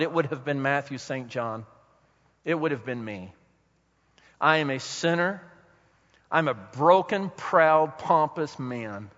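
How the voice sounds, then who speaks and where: A male pastor preaching a sermon with dramatic pauses, swinging between soft and loud emphasis, in a church hall. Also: a little high. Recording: dull recording in a reverberant hall.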